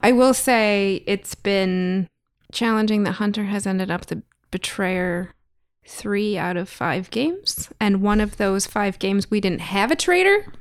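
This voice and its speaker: A woman's voice: mid-range voice, takes it slowly, clear, resonant tone. A woman chatting casually about board games, laughing often. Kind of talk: casual chat.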